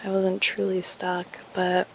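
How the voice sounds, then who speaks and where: Slow, gravelly-voiced young woman vlogger. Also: on the low side, completely flat delivery, very noisy. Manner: slow, musing, swears casually, laughs often. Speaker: spiritual YouTuber. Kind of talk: candid spoken vlog.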